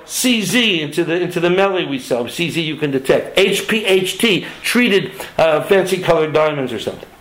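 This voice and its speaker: A man's voice: sits high, echoey room, rough recording. A man who runs a diamond trading network, making an impassioned, emphatic appeal to its members to stay honest.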